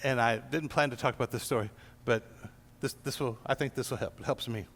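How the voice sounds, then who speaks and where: A man's voice: medium pitch, fairly even intonation, fairly quick, fairly bright tone. A man leading an informal church gathering as pastor, telling a Bible story and acting out the quoted lines. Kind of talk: informal teaching to a small gathering. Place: church room. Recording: long hall reverb.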